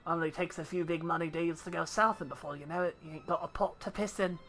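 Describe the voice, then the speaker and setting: A woman's voice: on the low side, fairly even intonation, fast, a bit bright. Woman doing a salty ex-pirate debt collector. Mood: wry. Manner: salty seafaring slang, swaggering. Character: gruff middle-aged male ex-pirate debt collector.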